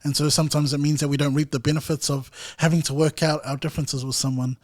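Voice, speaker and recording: A man's voice: fairly high pitch, little pitch movement, quick pace, a little mellow, no room sound. A young man hosting a podcast interview, speaking thoughtfully and hedging with fillers. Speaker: podcast host. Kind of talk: casual interview chat.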